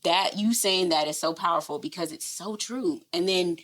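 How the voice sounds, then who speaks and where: A woman's voice: fairly low pitch, normal speed, fairly bright tone. A woman hosting a podcast, responding to her guest with empathy and affirmation. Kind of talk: casual conversation.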